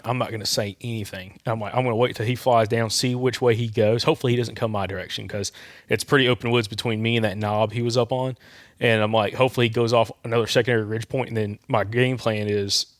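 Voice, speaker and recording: A man with a drawl hosts a podcast and rambles through a story in a relaxed, easygoing way. His voice sits at an ordinary middle pitch. It is recorded close and dry, with no room sound. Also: brisk, dry recording. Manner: rambling, relaxed anecdote-telling. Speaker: podcast host.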